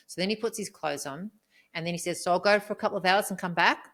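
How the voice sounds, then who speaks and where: A woman, co-hosting a podcast, telling a painful personal story in a rambling way, swearing and rising into high outbursts. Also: fairly even intonation, quick pace, a bit bright. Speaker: podcast co-host.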